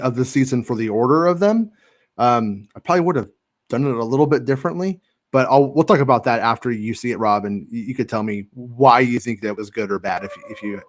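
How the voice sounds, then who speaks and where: A man's voice: mid-range voice, dry recording. A man hosting a podcast in casual chat, joking and rambling, with many restarts. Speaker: podcast host.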